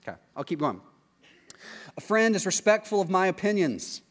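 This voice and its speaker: Chatty pastor, slightly high voice. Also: male voice, big pitch swings, moderate pace, pauses often, in a large hall. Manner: conversational, acts out quoted voices, frequent "right?" asides. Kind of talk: sermon.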